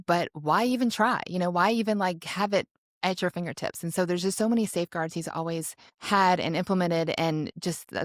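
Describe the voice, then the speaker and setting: A woman in her forties tells a story in a chatty, animated way. Her voice sits low, and the recording is close and dry with no room sound. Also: dry recording. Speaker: podcast co-host. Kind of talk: casual storytelling chat.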